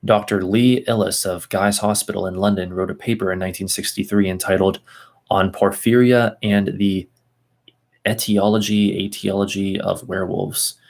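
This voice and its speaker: A man's voice: low voice, steady tone, normal speed, vocal fry, a little mellow. A man reading a text aloud at an easy pace, stopping for asides and second tries at hard names. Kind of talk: casual reading and commentary.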